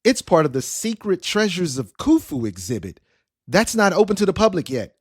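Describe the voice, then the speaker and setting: A man's voice: high voice, sing-song, moderate pace, slightly rough, no echo, clean studio sound, pitched above the performer's own voice, heavily acted. A man voicing a skeptical, sarcastic young woman working as a museum night guard. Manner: incredulous, sarcastic.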